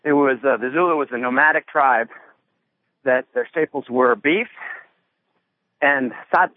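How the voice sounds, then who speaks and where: A man's voice: mid-range voice, a little slow, no echo. Guy calling in mid workout, a bit winded, dry tinny phone audio. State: out of breath from working out. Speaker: radio caller.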